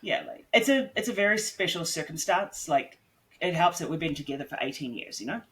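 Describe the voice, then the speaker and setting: A man's voice: fairly high pitch, expressive, fairly quick, a bit bright. A man on a casual podcast interview, talking bluntly and swearing freely, rambling with lots of "like" as he explains his work. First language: English. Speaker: guest author and editor.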